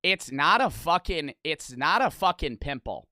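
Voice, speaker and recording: A young man live-streaming with a high, lively voice that swings all over the place. He talks bluntly and swears constantly as he reacts, and laughs awkwardly between lines. The sound is close and dry, with no room around it. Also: measured pace, no echo. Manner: loud, blunt and heavily profane, with bursts of awkward laughter.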